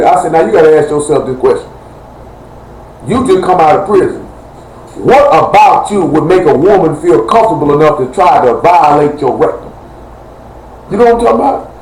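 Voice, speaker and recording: A man's voice: on the high side, a little mellow. A man preaching an informal, joking sermon in loose street slang. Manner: loose, joking street talk, Southern American. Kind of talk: informal live-streamed sermon. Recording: echoey room with faint ambient noise.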